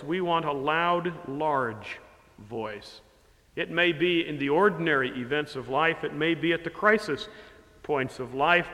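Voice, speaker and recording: Male preacher, measured and unhurried, sharp ringing voice, reverberant hall sound. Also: a little high. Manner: slow, deliberate preaching with wide swings from loud to hushed. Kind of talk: sermon.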